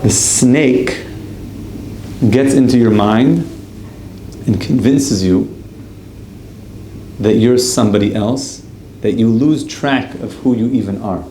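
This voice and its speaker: A man giving a casual religious class who asks the room questions and leans on "like" as he talks. His voice sits at an average pitch. It comes through a roomy, echoey space with faint background noise. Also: slow, pauses often, warm tone. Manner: chatty, asks the group questions, loose with "like". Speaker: rabbi teaching a class. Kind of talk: casual Torah class with storytelling.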